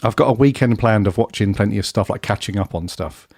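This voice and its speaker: A man with a head cold chats on a fan podcast, his voice low and croaky. The sound is dry and close, with no room in it. He talks casually and keeps calling his co-host "mate". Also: quick pace, a little mellow, no room sound. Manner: chatty, says "mate" a lot. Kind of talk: casual chat.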